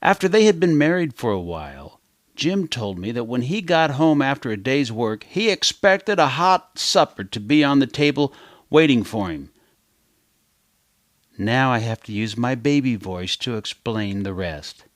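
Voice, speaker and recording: A man's voice: mid-range voice, big pitch swings, a little slow, dry recording. Dry, wry male teacher. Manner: wry, conversational storytelling. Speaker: language teacher. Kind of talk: children's lesson narration.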